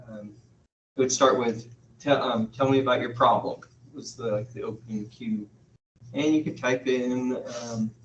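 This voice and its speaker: A man giving a university classroom lecture, thinking aloud in a halting way with frequent pauses. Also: mid-range voice, a little hiss or hum. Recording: echoey, dull room sound from far off.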